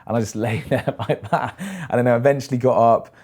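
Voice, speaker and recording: A British man in his thirties telling animated stories in a casual interview. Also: medium pitch, fast talker. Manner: animated storyteller, acts out quoted voices. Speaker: guest, long-distance swimmer.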